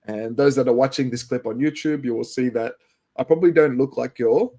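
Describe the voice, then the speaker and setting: An English teacher with a Western Sydney Australian accent co-hosts a casual educational podcast. He has a warm, mid-range voice and a brisk pace, rambling along with lots of fillers and restarts.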